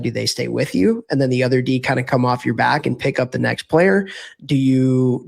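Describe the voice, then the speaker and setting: A man's voice: mid-range voice, creaky. A man co-hosting a podcast, chatting casually about hockey tactics and correcting himself often as he explains. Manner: rambling, self-correcting, explanatory. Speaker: podcast co-host.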